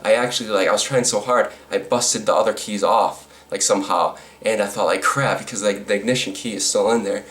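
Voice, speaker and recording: A man's voice: fairly low pitch, fairly even intonation, a little fast, hardly any pauses, fairly bright tone. A man telling a storytime vlog, rambling with lots of fillers and restarts, with a sarcastic edge. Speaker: vlogger.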